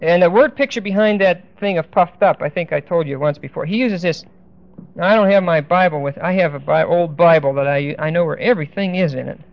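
A man teaching a verse-by-verse Bible lesson, speaking deliberately and with emphasis, stopping now and then to look up verses. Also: on the high side, gravelly. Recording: dull lo-fi recording.

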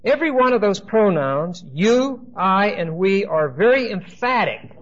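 A man's voice: high-pitched, expressive, measured pace, highs cut off. A man preaching a sermon with emphasis and dry humor, speaking straight to his listeners.

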